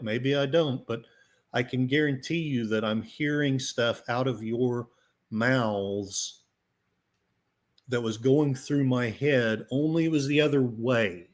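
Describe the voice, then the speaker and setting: A man hosting a casual livestream, rambling and self-deprecating as he reads the chat and talks to his pets. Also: medium pitch. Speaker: livestream host. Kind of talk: casual live-stream chat.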